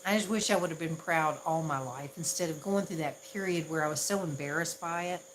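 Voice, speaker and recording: A woman's voice: sits low, fairly quick, a little hiss or hum, poor audio. A woman from the Southern United States with a Southern accent, chatting casually on a livestream and laughing at herself often. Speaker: ASMR livestream host.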